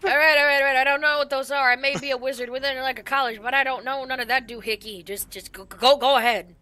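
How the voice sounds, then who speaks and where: A woman voicing a crude, gruff old wizard who is panicking after being made young again. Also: high voice, steady tone, fast, bright, forceful tone.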